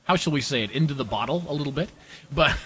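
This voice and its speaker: A man's voice: mid-range voice, lively intonation, fast talker, fairly bright tone, slight background noise. A man hosting a podcast in casual chat, rambling, laughing and trailing off into mumbles. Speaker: podcast host.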